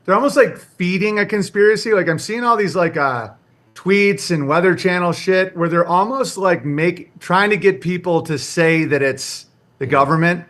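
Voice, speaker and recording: A man's voice: sits high, moderate pace, fairly bright tone. A man hosting a podcast, joking loosely in casual banter with lots of filler words.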